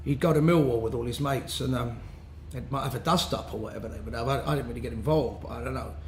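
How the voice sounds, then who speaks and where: He talks fast in a medium-pitched, slightly mellow voice, a London musician recounting stories as an interview guest. The storytelling is casual and rambling, broken by laughter and restarts, in a roomy recording with faint background noise.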